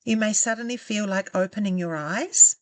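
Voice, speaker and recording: A woman coaching self-love, giving calm, gentle and encouraging step-by-step guidance that slows down for the exercises. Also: mid-range voice, no room sound. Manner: calm, gentle and encouraging, slowing down for guided steps. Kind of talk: guided self-help instruction.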